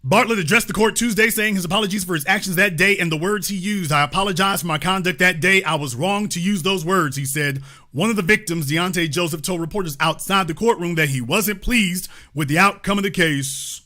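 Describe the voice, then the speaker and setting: Reading the news aloud, a commentary show host keeps interrupting with emphatic remarks, pointed rhetorical questions and points he repeats. He speaks fairly quickly in a high-sitting voice that sounds pushed and bright.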